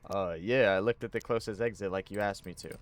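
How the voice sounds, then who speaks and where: A man's voice: lowish voice, steady tone, fairly quick. A young man streaming a horror game, reacting with frequent swearing and laughs between lines. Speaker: gaming streamer. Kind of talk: casual gaming commentary.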